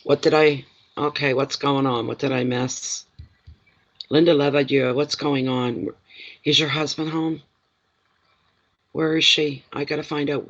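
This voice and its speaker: A man's voice: a little high, level tone, unhurried, pauses often, a bit bright, lo-fi sound. A middle-aged man and intuitive card reader, chatting emotionally and telling stories on a casual livestream.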